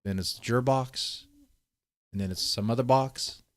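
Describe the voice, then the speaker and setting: A man rambles through casual commentary in a dry, close-miked voice. His tone is profane and loose, and he stumbles and restarts mid-sentence. His pitch sits mid-range for a man. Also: measured pace, dry recording. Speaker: commentary streamer.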